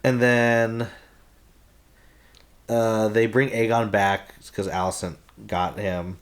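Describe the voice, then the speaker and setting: A young man co-hosting a casual podcast chat who laughs often and gets animated when quoting characters. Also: on the low side, slow pace. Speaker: podcast co-host.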